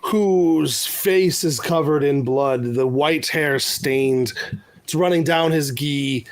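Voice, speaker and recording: A man's voice: on the high side, slow pace. A man running a tabletop game as game master, describing scenes loosely with fillers.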